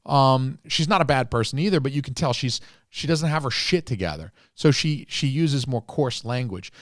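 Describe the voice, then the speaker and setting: A man's voice: mid-range voice, dry recording, studio quality. A man co-hosting a podcast, rambling through a casual movie review and swearing freely. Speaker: podcast co-host.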